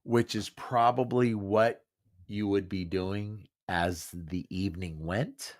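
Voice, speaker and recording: A man's voice: on the low side, fairly even intonation, slow. A drunk man hosting a podcast, slurring his speech, rambling and stumbling over repeated words. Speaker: podcast host. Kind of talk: casual live podcast talk.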